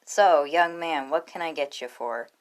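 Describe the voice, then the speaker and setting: A woman voicing a greedy male creature dealer with a loud, laughing sales patter in a read-aloud story. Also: deep voice, unhurried. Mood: sly.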